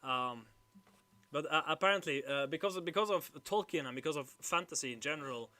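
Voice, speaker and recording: A man's voice: on the high side, animated, a little fast, sharp tone. A young man, chatting casually on a livestream, hesitant and rambling with many fillers. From Norway. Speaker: livestream host.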